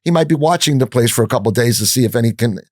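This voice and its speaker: A man telling his story as a podcast guest, blunt and profane, animated and full of restarts. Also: mid-range voice, very fast, dry recording, clean studio sound.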